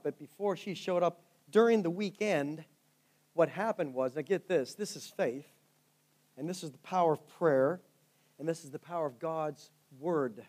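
A man's voice: fairly high pitch, a little mellow. A male pastor preaching a sermon, telling stories with fervent rises and drops in volume. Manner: fervent storytelling preacher, rising and falling in volume.

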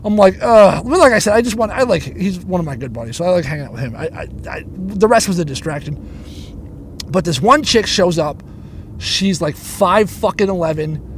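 High-voiced man ranting profanely in a car. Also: expressive, fairly quick, a little hiss or hum. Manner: swears constantly, rants, restarts and digresses. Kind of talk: rambling profane storytelling. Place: inside a car stuck in traffic. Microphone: handheld recorder.

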